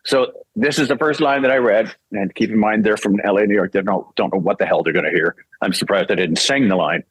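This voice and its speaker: A man's voice: lowish voice, fairly quick, slightly rough, dry recording, low-quality recording. An older man from Canada, a voice actor and singer, telling a casual story and acting out the voices he quotes, laughing often.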